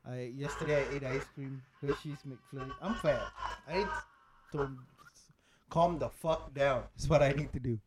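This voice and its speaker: A man's voice: mid-range voice, fairly even intonation, normal speed, heavy background noise. A man hosting a casual podcast, joking around and swearing freely. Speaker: podcast host. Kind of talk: casual chat.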